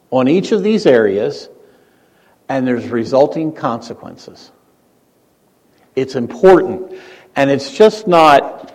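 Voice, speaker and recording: A male pastor preaches with a lively, swinging voice that climbs to emphatic peaks and drops to hushed asides. His sermon rings out in a church sanctuary, with a long reverb trailing every phrase. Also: mid-range voice. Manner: animated preaching, rising to emphatic peaks and dropping to quiet asides.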